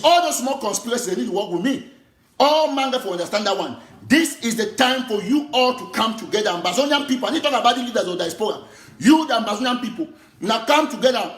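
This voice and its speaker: Cameroonian activist, a man with a high voice, in an impassioned political monologue recorded in an echoey room. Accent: Cameroonian Pidgin English. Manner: impassioned, emphatic, repetitive.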